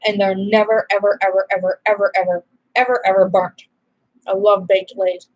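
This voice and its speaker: A woman's voice: mid-range voice, fairly even intonation, moderate pace, low-quality recording. Young adult woman, casual rambling vlog chat, eating as she talks, easily exasperated. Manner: rambling and chatty, eating while talking. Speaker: vlogger chatting while eating supper.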